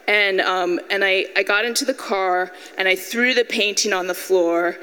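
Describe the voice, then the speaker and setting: A woman's voice: medium pitch, moderate pace, clean tone, big-room sound, poor audio. A young woman giving a talk to an audience as an artist, telling a personal story and acting out the voices in it. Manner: animated, acts out voices in her story, laughs at herself.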